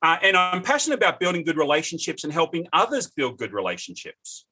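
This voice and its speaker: A man in his fifties with an Australian accent, a podcast guest telling lively, earnest stories in casual conversation. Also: a little high, fast, husky. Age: 50s. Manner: lively, earnest, folksy anecdotes. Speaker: guest, business owner.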